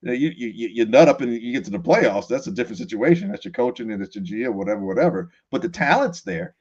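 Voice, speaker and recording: A man guesting on a sports talk show, animated and quick to laugh, often restarting his sentences. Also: mid-range voice, husky, highs cut off.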